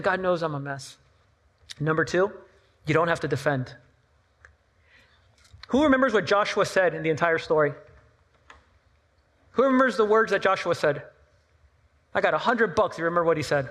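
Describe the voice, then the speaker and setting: A middle-aged man, a pastor, preaching a sermon with lively rhetorical questions and personal stories. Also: very high voice, normal speed.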